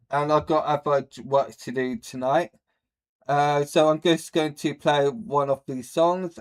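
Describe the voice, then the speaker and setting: A man's voice: fairly high pitch, clear, resonant tone. A British man chatting casually on a live stream, rambling, answering chat and swearing offhand with lots of ums and uhs. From Britain.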